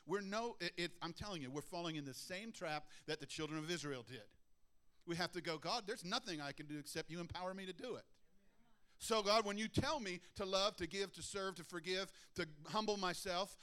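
Earnest preacher man, slightly high voice. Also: brisk. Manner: earnest, dips into hushed prayer and rises to emphatic preaching. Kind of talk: sermon with spoken prayer.

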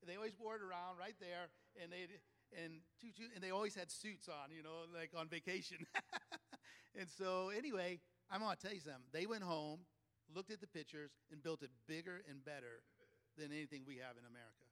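Guy coaching leaders, telling a story to a crowd, laughs a lot, voice a bit on the high side. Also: brisk, a bit bright. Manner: chatty, laughs often between phrases. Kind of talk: storytelling talk to a live audience.

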